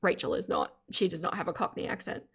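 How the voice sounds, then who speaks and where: A woman's voice: on the low side, fairly even intonation, fast, gravelly, fairly bright tone, slightly rough. Chatty Australian woman host. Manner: chatty, self-aware, laughs often. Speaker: reaction stream host. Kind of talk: casual chat.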